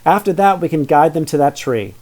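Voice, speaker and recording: A man's voice: fairly high pitch, normal speed, dark tone, natural voice. A man reading a storybook aloud and voicing a bossy, determined young girl who talks insistently. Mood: proud. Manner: insistent, passionate.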